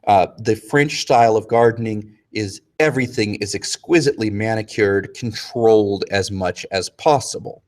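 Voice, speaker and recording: A man teaching a casual history review lesson, joking with students and slipping into quick, slangy voices for historical figures. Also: on the low side, a little mellow.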